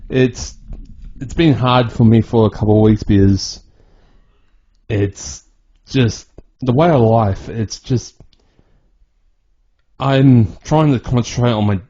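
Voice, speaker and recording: Slow, halting man with a low, mellow voice. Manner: halting, rambling, with many restarts. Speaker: vlogger. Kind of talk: personal voice-over narration. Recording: dull lo-fi recording.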